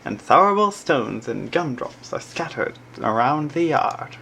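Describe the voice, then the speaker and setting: A woman playing through an adventure game, reading its text aloud between relaxed murmured fillers. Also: very deep voice, a little slow, creaky, slight background noise. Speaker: let's play player.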